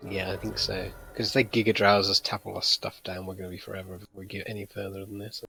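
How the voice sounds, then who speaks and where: A man's voice: sits low, level tone, fast talker, creaky, sharp tone, slightly rough. A man chatting casually as a co-player on a stream, giving short, laid-back advice on card game plays. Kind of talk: casual chat.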